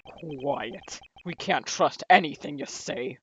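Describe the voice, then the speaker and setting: A woman voicing a stern, gruff male agent with a low, curt delivery while reading game dialogue. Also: slow pace, lo-fi sound, slight background noise. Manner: low, curt, distant growl.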